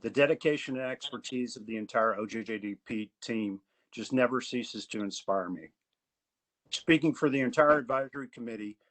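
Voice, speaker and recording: Guy from georgia chairing a committee on a video call, earnest measured remarks, mid pitch. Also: a bit bright, rough recording. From Augusta, Georgia, US. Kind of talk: heartfelt prepared remarks. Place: virtual meeting.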